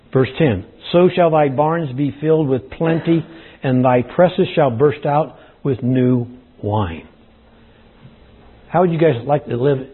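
Folksy preacher with a husky voice. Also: male voice, mid-range voice. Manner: folksy preaching, addresses congregation as y'all. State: dry throat. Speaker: pastor. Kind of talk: sermon. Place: church service. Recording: tinny phone-like sound.

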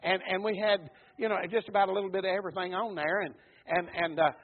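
A man preaching a sermon in a folksy way, repeating words, building to loud calls and then dropping low. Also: steady tone, quick pace, slight background noise. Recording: tinny phone-like recording.

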